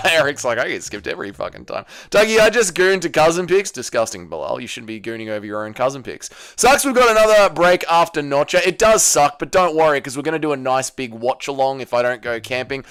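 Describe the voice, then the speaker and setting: A man's voice: on the high side, fairly bright tone, clean tone. Crude, joking young man streaming live. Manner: crude, joking, swears a lot. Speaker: livestream host. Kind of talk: casual livestream chat, reading viewer messages aloud.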